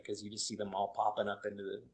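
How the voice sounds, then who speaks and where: A man co-hosting a horror film podcast, retelling scenes in a rambling, halting way in casual chat. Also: on the low side, completely flat delivery. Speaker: podcast co-host reviewing horror films.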